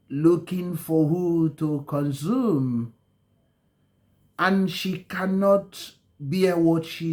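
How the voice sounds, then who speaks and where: A man telling a dramatic story slowly, pausing often with ums and correcting himself mid-sentence. His voice sits a little higher than most men's. Each phrase is stretched out for effect. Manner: halting, many ums and self-corrections, slow dramatic phrasing. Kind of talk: spoken storytelling.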